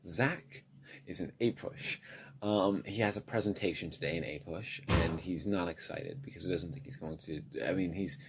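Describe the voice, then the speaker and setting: A man retelling a silly story for a storytelling game in an offhand, deadpan way, correcting himself as he goes. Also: deep voice, moderate pace, background noise. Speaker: storyteller in a narrative telephone game. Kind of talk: improvised comic storytelling.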